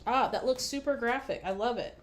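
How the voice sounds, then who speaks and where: A woman's voice: a little high, fairly quick. A woman hosting a live scrapbooking stream, chatting playfully with viewers and laughing often as she works. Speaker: scrapbooking livestream host. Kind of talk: casual crafting livestream chat.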